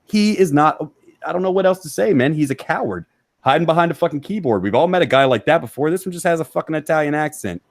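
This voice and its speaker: A man hosting a stream from a back room of his house, ranting loudly and mockingly with heavy profanity. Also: on the high side, animated, dry recording. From Texas. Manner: loud, mocking, rapid rant. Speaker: stream host.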